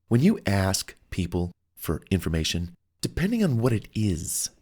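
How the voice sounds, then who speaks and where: A man's voice: fairly low pitch, darkish tone. A man narrating his own self-help audiobook in a chatty, coaching way. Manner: conversational, acts out quoted phone calls; upbeat and coaching. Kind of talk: motivational audiobook talk.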